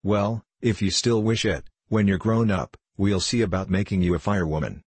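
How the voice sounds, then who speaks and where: Guy doing a jolly old-fashioned storybook dad, deep husky voice, hearty. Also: fairly even intonation, moderate pace, dry recording. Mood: cheerful. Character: cheerful, clever Edwardian father, middle-aged man.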